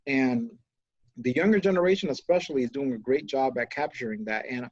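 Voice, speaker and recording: A man co-hosting a casual business podcast, talking with enthusiasm and telling animated stories. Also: medium pitch, fairly quick, no room sound, dull audio. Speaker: podcast co-host, business owner.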